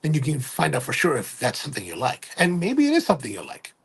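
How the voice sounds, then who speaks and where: Middle-aged male livestream host, gravelly and husky, casual rambling talker who self-corrects. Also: fairly high pitch, wildly swooping pitch, fast. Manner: rambling, self-correcting, keeps asking "right?". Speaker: livestream host and coffee retailer.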